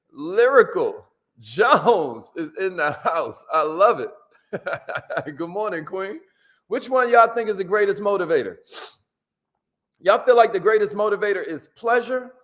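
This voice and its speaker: High-voiced, hyped-up man motivating viewers. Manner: energetic, calls out viewers by name; casual slang, repeats key lines. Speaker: host of a live motivational stream. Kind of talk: motivational live talk.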